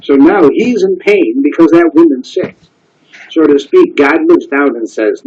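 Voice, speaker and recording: Man, rabbi, Torah class; husky mid-range voice, earnest and conversational, muffled lo-fi recording. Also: on the high side, expressive, unhurried, darkish tone. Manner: earnest, conversational, often asks "right?".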